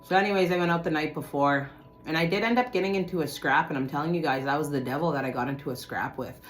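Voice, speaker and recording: Profane, emphatic low-voiced woman storyteller. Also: fast talker, soft background music. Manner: profane, emphatic, swings from low mutter to loud outbursts. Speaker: channel host telling a personal story. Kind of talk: casual spoken storytelling to viewers.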